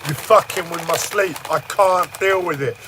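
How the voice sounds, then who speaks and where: Brief: man ranting on a stream, whiny and strained, slightly high voice, faint noise behind. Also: moderate pace, sharp tone, low-quality recording. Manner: agitated, heavy swearing, rambling. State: strained throat. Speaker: livestreamer. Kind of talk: ranting monologue.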